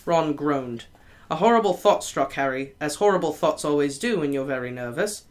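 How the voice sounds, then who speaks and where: An amateur reads a chapter of a novel aloud in a relaxed, unpolished way, occasionally fumbling a word and fixing it straight away. The voice is mid-range and expressive, at a normal speed.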